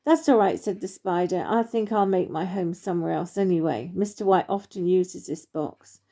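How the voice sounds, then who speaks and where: Woman reading as a courteous little house spider, calm storybook voice, mellow. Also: lowish voice, normal speed.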